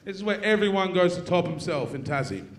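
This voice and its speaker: Man, Australian accent, stand-up comic, foul-mouthed dark deadpan stories, live theatre mic. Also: high voice, brisk, a little hiss or hum. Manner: profane, dark deadpan storytelling. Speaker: stand-up comedian. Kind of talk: stand-up comedy set. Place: university theatre with live audience.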